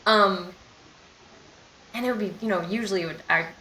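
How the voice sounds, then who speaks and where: A woman's voice: medium pitch, normal speed, pushed and bright, roomy sound, slight background noise, low-quality recording. A young woman in a casual storytime vlog, talking candidly and rambling, with lots of "like" and "you know.". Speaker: vlogger.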